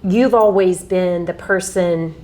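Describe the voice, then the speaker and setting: A woman's voice: lowish voice, slow, dark tone. Encouraging woman interviewer. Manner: encouraging, frequent short affirmations. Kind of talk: casual interview conversation.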